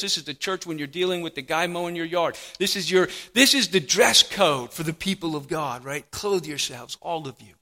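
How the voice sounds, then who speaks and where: A man preaching a sermon as pastor of a church, earnest, lifting his voice for emphasis and dropping it low for scripture. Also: sharp tone.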